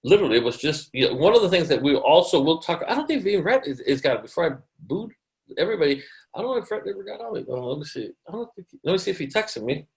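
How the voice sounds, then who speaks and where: A man's voice: fairly high pitch, low-quality recording. A man presenting to his team on a video call, acting out conversations with clients. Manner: fast, animated, acts out conversations. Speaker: mortgage loan officer presenting to a team. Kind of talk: online team meeting presentation.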